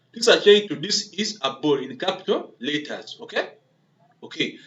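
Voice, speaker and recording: A man with a voice a little higher than usual walks through code as he types it, repeating himself and tacking "okay?" onto nearly every phrase. The recording is dull and lo-fi, with a faint hiss underneath. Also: a bit bright. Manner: repetitive, constantly checks in with "okay?" and "yeah?"; talks through typing step by step, restarts words. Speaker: coding instructor. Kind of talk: screen-recorded coding tutorial.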